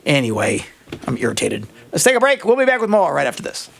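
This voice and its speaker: An older male radio host who talks in exasperated, animated bursts. His pitch swoops widely from low grumbles to high outbursts, and his voice has a gravelly edge. He breaks into laughter as he rants at the studio mic. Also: quick pace, background noise. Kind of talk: casual on-air chat.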